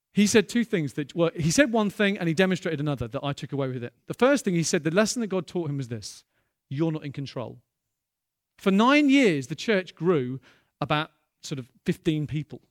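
High-voiced preacher, dry close sound. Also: male voice, dry recording. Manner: lively storytelling with bursts of loud excitement. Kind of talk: sermon.

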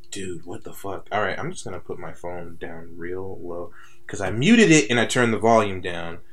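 Young male podcast co-host, low-pitched, relaxed and profane. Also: moderate pace. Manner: laid-back, swears freely. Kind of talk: casual chat.

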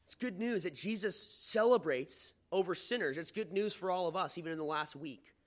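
A man's voice: sits high, moderate pace. A man preaching a sermon, reading scripture aloud with dramatic emphasis and asking the listeners questions in a conversational way.

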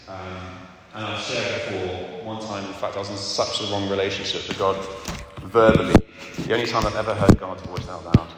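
A man preaching a sermon, earnest and candid, often checking in with his listeners. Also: deep voice. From England. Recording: echoey hall with background noise.

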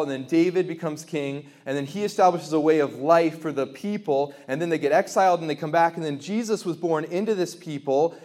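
A man in his thirties giving a lively faith talk to a live audience, telling stories and repeating refrains. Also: a little high. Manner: animated storytelling, rhetorical questions, repeated refrains. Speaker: speaker at a faith gathering.

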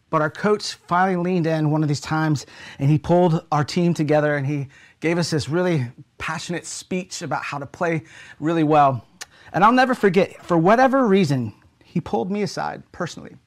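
Young guy pastor preaching a sermon, fairly high voice, earnest storyteller, gets soft and hushed at the key bits. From United States. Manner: earnest storytelling, softening to a hush at key moments.

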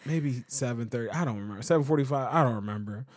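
A man's voice: mid-range voice, fast talker, dry recording, clean studio sound. A man co-hosting a casual podcast chat, a father telling stories, acting out voices and laughing often. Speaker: podcast co-host; father of a toddler.

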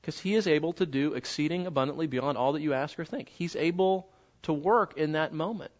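A man preaching a sermon in a conversational, animated way, slowing down to stress key words. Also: on the high side. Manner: conversational, animated, slows down for emphasis. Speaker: pastor. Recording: dull lo-fi sound.

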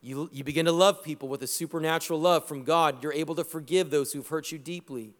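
A middle-aged man preaching a sermon as pastor, lively and exhorting, mixing scripture with personal stories. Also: fairly high pitch, quick pace. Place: church sanctuary. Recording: long hall reverb in a church.

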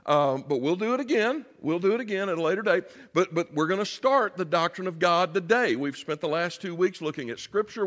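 A male pastor preaching with a high, bright voice and an emphatic delivery, often turning straight to the congregation. His voice rings out with the long reverb of a church sanctuary. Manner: emphatic, direct address to congregation. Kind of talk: sermon.

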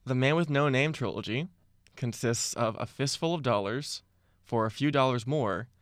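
A young man hosting a casual movie trivia game, reading questions slowly and deliberately. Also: medium pitch, no room sound, clean studio sound. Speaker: quiz host.

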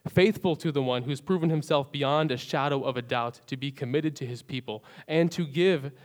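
A man preaching a sermon as pastor, rising to loud emphatic peaks and falling to soft, near-whispered endings. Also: medium pitch.

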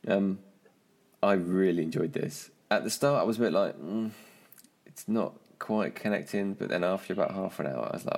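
A man's voice: low voice, normal speed, creaky, a little mellow. A man co-hosting a casual film review chat, rambling and searching for words, with frequent laughs. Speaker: podcast co-host.

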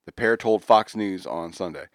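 A man's voice: low-pitched, normal speed, dry recording, studio quality. A man co-hosting a casual chat show, reading news stories aloud and joking between them. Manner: jokey, reads stories aloud with asides. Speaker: podcast co-host.

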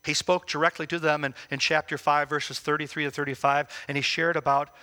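A man giving devotional Bible teaching, emphatic, with rhetorical questions and slow, stressed phrases. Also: a little high, flat delivery, bright, forceful tone. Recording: long reverb as in a hall.

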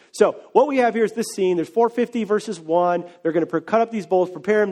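A male pastor with a high-pitched voice delivers a sermon. He speaks casually and conversationally, with lively asides, and builds to fervent, emphatic preaching.

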